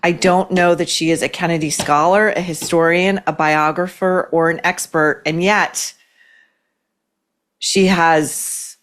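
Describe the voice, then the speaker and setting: A woman's voice: fairly low pitch, steady tone, a little slow, a bit bright. A woman hosting a commentary podcast, talking in a sarcastic, cutting way. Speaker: podcast host. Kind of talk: opinionated commentary.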